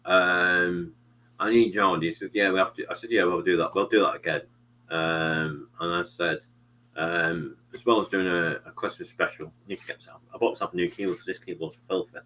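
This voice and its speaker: A man's voice: low-pitched, fairly even intonation, normal speed, bright, forceful tone, rough recording. A British man hosting a live stream, chatting casually in a rambling way with many fillers. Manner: rambling, many fillers and "you know what I mean". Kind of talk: casual chat.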